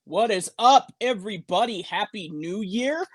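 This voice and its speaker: A man's voice: high voice, expressive, unhurried. A man presenting his regular segment on a podcast, casual and a little hesitant. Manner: hesitant, uses fillers, friendly. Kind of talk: casual chat.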